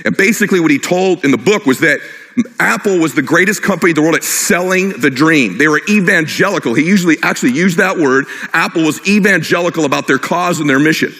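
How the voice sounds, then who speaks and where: Male keynote speaker, bright forceful tone, quick punchy delivery, long hall reverb. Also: a little high. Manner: fast, punchy, jokes with the crowd. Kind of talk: energetic motivational speech. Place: large hall with live audience.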